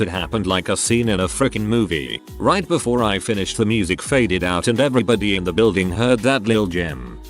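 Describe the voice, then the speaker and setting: A man with a lower voice narrates a run of anonymous stories in a scripted read-aloud style. His intonation swings widely and expressively, and he now and then trips over a word. Soft music sits faintly underneath.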